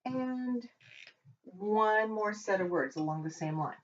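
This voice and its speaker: Slow, patient woman teaching. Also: mid-range voice, animated, faint music behind. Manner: talks while writing, with pauses and self-corrections. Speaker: Hebrew teacher. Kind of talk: slow, patient lesson at a whiteboard. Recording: dull lo-fi recording.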